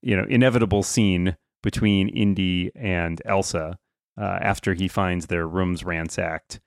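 A man's voice: low voice, fairly even intonation, measured pace, vocal fry, no echo, clean studio sound. A man hosting a casual podcast about a movie, rambling with many fillers. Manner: rambling, full of fillers and laughs.

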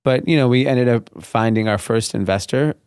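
A man's voice: mid-range voice, normal speed, clear, resonant tone, no room sound. Guy in his 30s from LA telling a story, does the voices, dry close mic. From Los Angeles area, Granada Hills. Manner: animated storyteller, acts out quoted voices. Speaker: guest, clothing brand founder. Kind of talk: casual storytelling interview.

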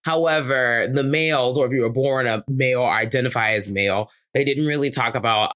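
A man co-hosting a casual movie review podcast, talking in an animated, profane way and acting out quotes. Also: a little fast. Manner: animated, profane, acts out quotes with big pitch jumps. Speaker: podcast co-host.

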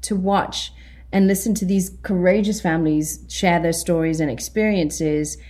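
A British woman, an actress, chatting in an interview, animated and laughing often as she acts out her own reactions. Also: lowish voice, normal speed. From Britain. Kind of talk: casual interview chat.

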